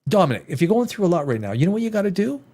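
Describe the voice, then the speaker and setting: Male host, a screenwriter, in a fired-up review rant: slightly high voice, lively pitch, halting restarts and profanity. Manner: animated, restarts often, swears, mimics dialogue. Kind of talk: ranting review chat.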